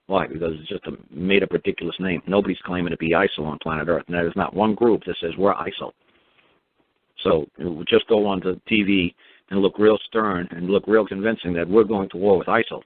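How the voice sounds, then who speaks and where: Deep-voiced sarcastic man on a phone line. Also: a little fast, no room sound. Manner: sarcastic, mocking; meandering, with frequent repeats and fillers. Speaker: talk show host. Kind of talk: rambling monologue. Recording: narrow phone-like sound, dry.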